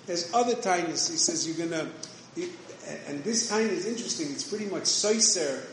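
Man, Torah lecture, somewhat high voice, heavy room echo, faint hiss. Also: animated, fairly quick. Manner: conversational, mixes Yiddish and Hebrew terms, many restarts. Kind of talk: yeshivish Torah shiur. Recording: very echoey room, faint noise.

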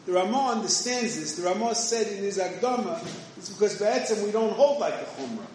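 Man, Torah lecture, somewhat high voice, heavy room echo, faint hiss. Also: expressive, brisk, a little mellow. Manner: conversational, mixes Yiddish and Hebrew terms, many restarts. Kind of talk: yeshivish Torah shiur. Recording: very echoey room, faint noise.

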